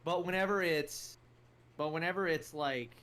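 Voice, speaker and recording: Bright-voiced, animated podcast man. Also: a little high, normal speed, smooth. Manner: animated, argumentative, repeats himself. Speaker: podcast co-host. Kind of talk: casual chat.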